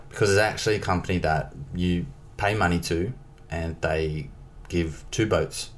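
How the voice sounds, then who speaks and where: A man telling a personal story as an interview guest, in a lively way, acting out the dialogue. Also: low-pitched. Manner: lively, acts out dialogue in his stories. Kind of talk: casual storytelling.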